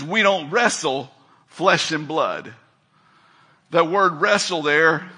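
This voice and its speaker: An older man preaching a sermon as pastor, emphatic, swinging between loud calls and quiet asides. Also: sits high, husky.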